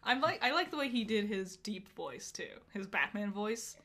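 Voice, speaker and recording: A woman's voice: medium pitch, animated, moderate pace, a bit bright. A woman co-hosting a podcast, chatting casually with many fillers and frequent laughs. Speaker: podcast co-host. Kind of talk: casual chat.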